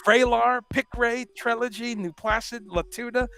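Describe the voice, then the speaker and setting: A man's voice: very high voice, fairly even intonation, moderate pace, a bit bright, voice pushed up. A man voicing a scolding parent who calls out a roll of unruly children in a sing-song, exaggerated way, over a video call.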